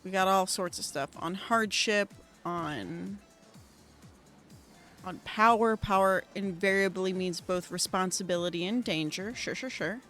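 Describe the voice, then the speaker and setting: A woman doing casual let's-play commentary at her computer, rambling excitably with plenty of fillers. Her voice sits mid-range, with soft game music underneath. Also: mid-range voice, unhurried. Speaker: gaming streamer. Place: at home at a computer. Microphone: desk microphone.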